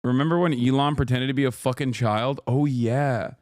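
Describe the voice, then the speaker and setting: A man's voice: medium pitch, steady tone, moderate pace, a little mellow, no room sound. Male streamer host, blunt and swearing, dry close sound. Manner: blunt, profane, joking. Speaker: livestream host. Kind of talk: casual reaction chat.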